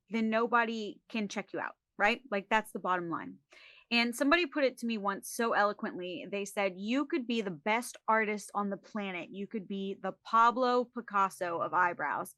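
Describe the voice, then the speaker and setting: Bright, emphatic woman guest. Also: medium pitch, no room sound. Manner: lively, emphatic, joking. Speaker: social media expert guest. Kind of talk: casual interview chat.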